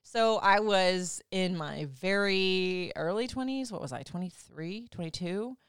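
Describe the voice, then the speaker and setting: Low-voiced woman telling a story casually. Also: lively intonation, a little slow, clear, resonant tone, no room sound, studio quality. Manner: chatty, swears freely, many "like" fillers. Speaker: podcast host.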